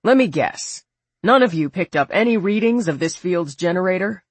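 A narrator voicing a portly, cheerful male engineer in his late fifties with a gruff voice. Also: mid-range voice, slow pace, no echo, voice pushed down, full character voice. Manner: hearty, bright and energetic.

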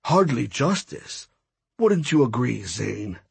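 A man voicing a smug, menacing male god of death, talking in a silky, mocking, pompous way, lower and softer than his reading voice. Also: big pitch swings, slow pace, creaky, husky, no room sound, heavily acted.

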